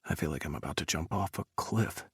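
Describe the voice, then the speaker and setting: A man voicing a shaken man, hushed and low, soft-spoken, gravelly edge, dry close sound. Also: a little slow, no echo, heavily acted. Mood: anxious.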